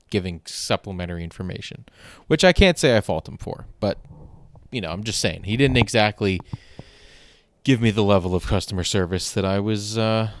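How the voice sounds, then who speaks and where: A man's voice: lowish voice, dry recording, studio quality. A young man hosting a podcast, telling a rambling comedic story in an exasperated way with casual swearing. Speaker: podcast host.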